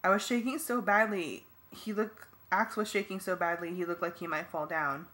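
Bright-voiced woman narrating an audiobook. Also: fairly low pitch, fairly even intonation, moderate pace. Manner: earnest first-person storytelling.

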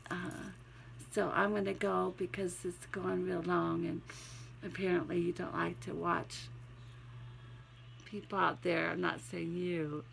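A woman with a Southern drawl gives a devotional talk, reading scripture with chatty asides. Her voice is deeply gravelly and stuffy from a cold, and she takes her time over every phrase. A faint hiss sits under the recording. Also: flat delivery, unhurried, long pauses, fairly bright tone, rough recording. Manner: homey, encouraging, chatty asides. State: has a cold, sniffling and sneezing. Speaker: Christian devotional vlogger.

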